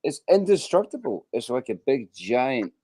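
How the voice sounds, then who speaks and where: A man's voice: mid-range voice, sing-song, normal speed, warm tone. A man from Scotland chatting casually on a video call, rambling and hesitant with many ums and the odd swear word. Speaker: host. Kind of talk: casual chat.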